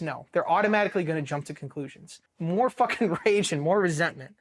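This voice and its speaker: A man's voice: high-pitched, expressive, a little fast, hardly any pauses. A man in his thirties from Ohio, a military veteran telling his story candidly, blunt and heavily profane, with flashes of emotion. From Ohio, USA.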